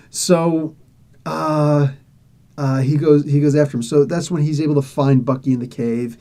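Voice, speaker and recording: A man's voice: fairly high pitch, fairly even intonation, normal speed, warm tone. A man reviewing comics, casually retelling a story with laughs and acted-out quoted lines.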